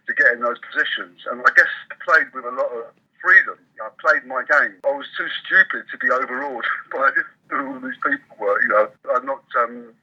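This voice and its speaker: A middle-aged man talks through an interview in an easy, self-deprecating way, often restarting his sentences. His voice is very bright and husky. The recording is muffled and lo-fi. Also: medium pitch, brisk. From England. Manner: chatty, self-deprecating, frequent restarts and laughs. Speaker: professional poker player guest. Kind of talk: casual interview chat.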